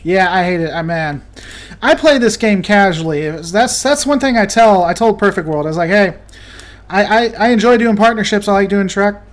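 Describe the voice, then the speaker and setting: A man's voice: high-pitched, expressive, a little fast. A man hosting a livestream, chatting casually while he plays a game and reads out viewer comments with a joking manner. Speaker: livestream host. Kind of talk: casual chat while gaming.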